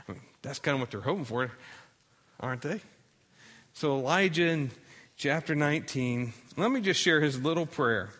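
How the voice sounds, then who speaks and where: A man preaching a sermon, telling a story with energy, rising loud and dropping soft, and acting out the voices of the people in it. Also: medium pitch, slow, pauses often. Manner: animated storytelling, acts out voices, rises loud then drops soft. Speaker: pastor.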